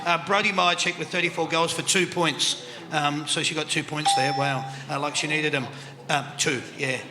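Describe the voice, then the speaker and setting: An Australian man hosts a live quiz segment on a panel show in a country club function room. His voice is on the high side, steady, and at normal speed as he chats upbeat and laughs often, with crowd noise echoing through the reverberant hall.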